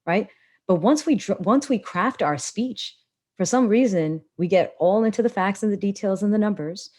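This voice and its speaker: A woman hosting a live webinar as a public speaking coach. She teaches with animated, expressive delivery and wide swings in tone, speaking into a laptop on a video call. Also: on the low side.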